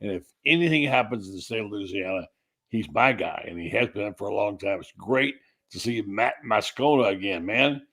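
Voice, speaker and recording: A man's voice: on the low side, animated, moderate pace, vocal fry, fairly bright tone. A man hosting a sports talk show, chatting in a loose, rambling, self-deprecating way. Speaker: show host.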